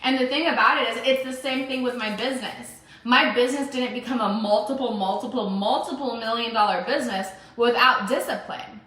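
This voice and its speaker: A woman's voice: fairly high pitch, brisk, few pauses, a bit bright. A young woman giving an emphatic motivational talk in her own vlog, repeating phrases for stress. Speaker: entrepreneur vlogger. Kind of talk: motivational self-recorded vlog. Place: home room with dogs. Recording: very echoey room.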